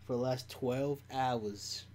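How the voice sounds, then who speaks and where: A man's voice: mid-range voice, fairly even intonation, slow pace, darkish tone, slight background noise. A young man streaming, chatting casually in a playful, drawling, clowning way. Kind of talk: casual chat.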